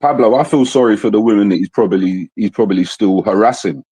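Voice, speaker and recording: A man's voice: on the low side, fast talker, mellow, husky, no room sound. A man co-hosting a casual stream chat, dry and sarcastic, calling people mate.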